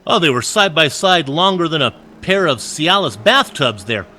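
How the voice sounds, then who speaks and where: Joking, bright-voiced race color commentator. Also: male voice, a little high, sing-song, normal speed. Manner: joking, chatty, with fillers and asides. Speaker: sim racing color commentator.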